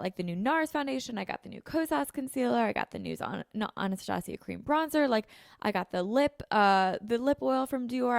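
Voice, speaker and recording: This young American woman from the Philadelphia suburbs hosts a casual podcast in an apartment room, using a podcast mic with video. Her voice is medium in pitch and creaky, captured as a dry, clean studio recording. She's chatty, says "like" constantly, and sounds sniffly with a slightly runny nose.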